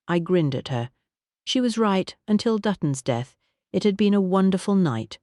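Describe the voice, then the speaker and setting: A measured audiobook narrator reading a classic country-house mystery in an even storytelling voice. The pitch is middling and the recording is dry and close, with no room around it. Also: no room sound. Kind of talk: scripted narration of a mystery novel.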